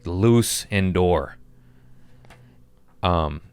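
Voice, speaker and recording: A man's voice: sits low, very slow, clean tone, no echo. A man who is a comedian hosting his podcast, ranting in an exasperated, profane way with comic timing. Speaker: podcast host.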